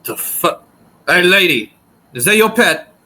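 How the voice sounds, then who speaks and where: A man voicing a burly, half-rotted male bartender in a tabletop game, gruff and wary. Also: sits high, expressive, a little slow, bright, forceful tone, exaggerated voice. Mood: surprised.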